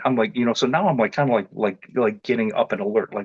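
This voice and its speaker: Speaking at medium pitch and a quick pace with hardly any pauses, this man tells a personal story as an interview guest. He rambles casually with lots of restarts and fillers, growing louder and more animated as it goes, captured in dull, lo-fi, echo-free dry sound.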